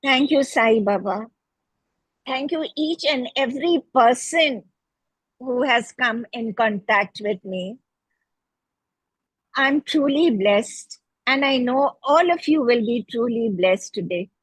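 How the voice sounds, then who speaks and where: A woman's voice: a little high, animated, takes it slowly, slightly rough, dry recording, rough recording. A middle-aged woman with an Indian English accent giving a fervent, grateful spoken testimonial about a healing practice.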